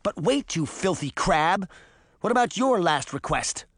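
A man voicing a sharp-tongued little girl fairy in an audiobook, snappy and scornful. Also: high voice, big pitch swings, measured pace, no room sound, studio quality, voice pushed up, heavily acted. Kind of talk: audiobook character voice.

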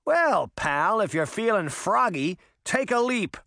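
A cocky uncle taunts and mocks with lively swings in pitch, as a man reads the part. His voice sits a little high, and the sound is dry and close. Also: takes it slowly, creaky, dry recording, exaggerated voice. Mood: taunting. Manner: wisecracking, taunting. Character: cocky, mocking adult uncle.

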